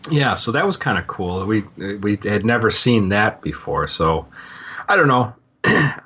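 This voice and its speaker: A very low-voiced man co-hosting a book-club podcast, rambling loosely through his points with lots of ums and restarts. His voice comes through a dull, lo-fi recording. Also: big pitch swings, unhurried, sharp tone, slightly rough. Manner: rambling, many fillers and restarts. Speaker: podcast co-host. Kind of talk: casual book-club discussion.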